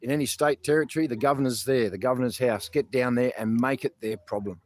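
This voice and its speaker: Outdoors in a public garden, an Australian protest livestream host talks fast in a mid-range, slightly mellow voice. His casual delivery is earnest and rambling, full of fillers and false starts.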